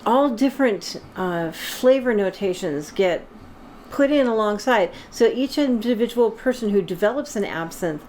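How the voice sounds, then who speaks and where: A woman's voice: mid-range voice, expressive, moderate pace, a little mellow, a little hiss or hum, rough recording. A woman co-hosting a casual chat, explaining things in a knowledgeable way with frequent ums. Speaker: absinthe expert co-host.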